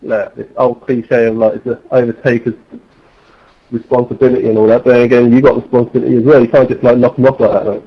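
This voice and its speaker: A man's voice: mid-range voice, flat delivery, quick pace. Mocking man over muffled voice chat. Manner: mocking, insulting, dismissive. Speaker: rival sim racer. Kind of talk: heated in-game voice chat argument.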